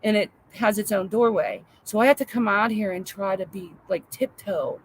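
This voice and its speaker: A middle-aged woman chatting casually as co-host, telling animated stories about her home and family. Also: mid-range voice, moderate pace, slight background noise. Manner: chatty, animated storyteller acting out her daughter. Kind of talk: casual chat.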